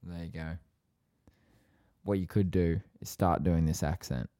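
A man's voice: low-pitched, steady tone, unhurried, warm tone, no room sound, clean studio sound. A man co-hosting a casual podcast, teasing and playful in banter. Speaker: podcast co-host.

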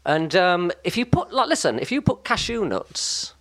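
High-voiced rambling man. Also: very animated, normal speed, fairly bright tone. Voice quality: high, light voice that never broke. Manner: rambling, comic tangents, self-mocking, frequent restarts. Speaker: guest. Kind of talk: casual chat.

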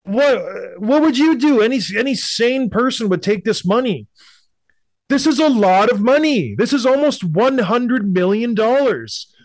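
A man's voice: very high-pitched, lively intonation, measured pace, dry recording, studio quality. A man from Canada, a show co-host, giving blunt, emphatic opinions in sports talk and repeating points for effect. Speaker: hockey podcast co-host.

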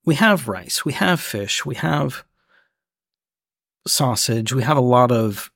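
Gravelly Southern man, teasing and deadpan. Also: mid-range voice, takes it slowly, no echo, clean studio sound. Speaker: podcast co-host. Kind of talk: casual chat.

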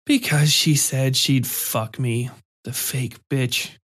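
A man voicing a drunk, crude, leering male office worker who mutters slowly and sloppily. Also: medium pitch, fairly even intonation, natural voice. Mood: bitter.

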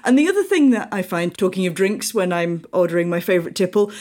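A woman's voice: fairly low pitch, sing-song, quick pace, a little mellow. A woman co-hosting a casual podcast chat, telling stories in a chatty, self-mocking way. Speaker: podcast co-host.

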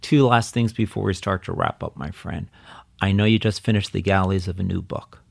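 A man hosting an interview as a speaking coach, explaining things step by step in a deliberate way. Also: sits low, steady tone, vocal fry. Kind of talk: conversational interview, instructive.

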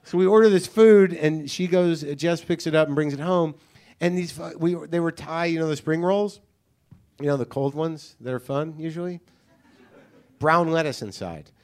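A man's voice: on the high side, normal speed, a little mellow. A man hosting a podcast, telling an exasperated, profane story in a casual comedic monologue. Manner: ranting, profane, incredulous storytelling. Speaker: podcast host.

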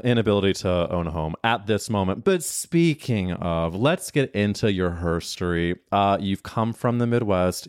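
A man's voice: sits low, smooth, no room sound, studio quality. A man hosting a podcast in casual chat, campy and teasing. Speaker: podcast host.

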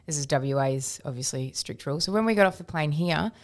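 An Australian woman co-hosting a casual radio chat, telling animated stories. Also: low voice, fairly quick. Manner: chatty, animated storytelling.

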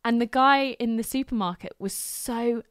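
A woman's voice: a little high, normal speed, clear, resonant tone, dry recording. Chatty woman telling stories. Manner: chatty storytelling, lots of fillers. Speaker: podcast co-host. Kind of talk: casual chat.

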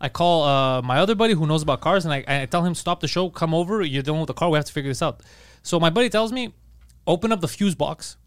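Guy ranting through a story real fast, swears constantly, bit higher voice, dry close mic. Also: clear, resonant tone, no echo. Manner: swears a lot, acts out exasperated quotes. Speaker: podcast co-host. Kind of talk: animated storytelling in casual chat.

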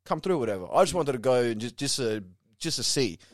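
Young aussie comic guy, blunt and sweary, dry close sound, voice not high or low. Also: brisk, no echo. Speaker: stand-up comedian. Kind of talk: casual podcast chat.

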